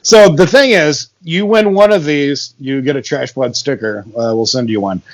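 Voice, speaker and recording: A man's voice: mid-range voice, normal speed. A man co-hosting a comedy podcast, rambling and laughing often, with crude jokes. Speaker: podcast co-host. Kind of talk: casual comedic podcast chat.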